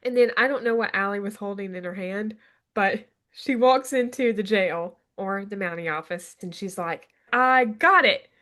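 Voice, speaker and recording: A woman's voice: mid-range voice, moderate pace. A woman co-hosting a podcast, chatting casually about a TV episode, retelling scenes and quoting characters with a laugh. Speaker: podcast co-host. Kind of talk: casual chat recapping a TV episode.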